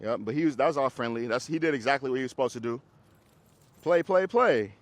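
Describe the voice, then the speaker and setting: A man who trains dogs, coaching a group class in a casual, hands-on way, giving quick commands to dogs and explanations to owners. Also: mid-range voice, dry recording. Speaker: dog trainer.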